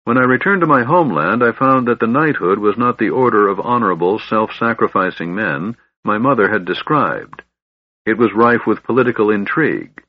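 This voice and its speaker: A man's voice: fairly low pitch, animated, normal speed, muffled recording. A man voicing a bitter, honor-bound young knight with a grave, brooding delivery.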